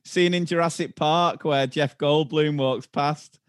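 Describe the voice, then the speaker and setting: A man hosting a podcast, asking questions in a relaxed, easygoing way. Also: fairly high pitch, measured pace, clean tone, no room sound, studio quality. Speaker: podcast host. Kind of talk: casual interview chat.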